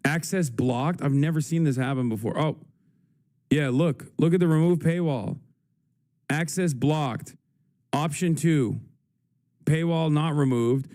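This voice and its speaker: Young guy streaming, frantic, swears a lot, bit high voice. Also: unhurried, long pauses, warm tone. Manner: frantic, swearing, thinking aloud. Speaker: livestream host. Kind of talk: casual livestream commentary.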